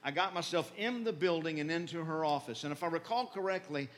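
A middle-aged man preaching, telling a mission story earnestly and slowing down for dramatic moments. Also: fairly high pitch. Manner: earnest, recounts dialogue with slowed dramatic emphasis. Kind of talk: sermon storytelling.

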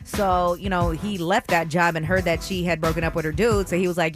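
A woman hosting a morning radio show, chatting and teasing in a lively, sing-song way. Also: lowish voice, brisk, music in the background. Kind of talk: casual radio banter.

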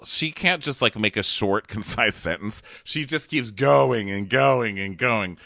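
A man's voice: fairly low pitch, unhurried, vocal fry, sharp tone, no echo, studio quality. A man co-hosting a podcast, recapping a TV show in casual, campy chat and quoting people in voices. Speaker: podcast co-host.

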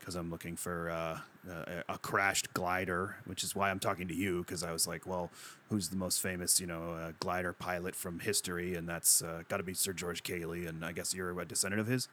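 Man, podcast host, very low voice, hesitant, awkward, lots of uh's. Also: level tone, brisk, pushed and bright, a little hiss or hum. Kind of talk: comic improvised podcast.

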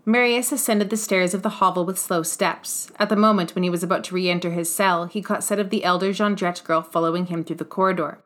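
A woman hosting a storytelling podcast, calmly reading chapters of a classic novel aloud. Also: fairly low pitch, a little fast, hardly any pauses.

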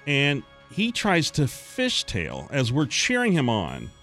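A man hosting a morning radio show, telling a story in a lively, animated way. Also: medium pitch, slow pace, faint music behind.

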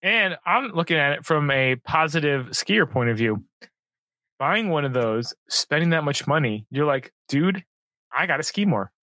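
Male podcast co-host, bright forceful tone, dry close sound, animated and opinionated casual chat. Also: a little high, moderate pace, no echo. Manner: animated, opinionated, enthusiastic about skiing.

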